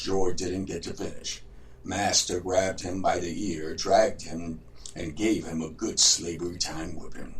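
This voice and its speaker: Low-voiced man reading a story aloud. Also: fairly bright tone. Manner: unhurried, stumbles and corrects himself. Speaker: host, storyteller. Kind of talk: reading a folk tale aloud. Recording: roomy echo, distant mic.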